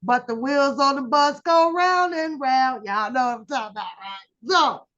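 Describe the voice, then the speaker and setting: A woman hosting a casual commentary channel, telling a story with lively acted-out quotes. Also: high voice, moderate pace, highs cut off. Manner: animated storytelling, acts out quoted voices.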